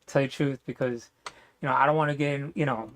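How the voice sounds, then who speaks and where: A man's voice: medium pitch, fairly even intonation, fast talker, a bit bright. A man vlogging his opinions in a rambling, blunt way, swearing often and filling gaps with fillers. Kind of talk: casual opinion monologue.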